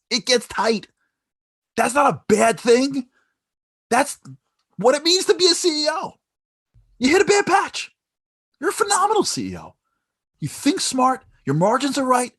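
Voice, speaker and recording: A man's voice: a little high, slightly rough, voice pushed up. A man doing a blunt older tycoon. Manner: blunt, lecturing, builds to loud. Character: wise older male billionaire investor.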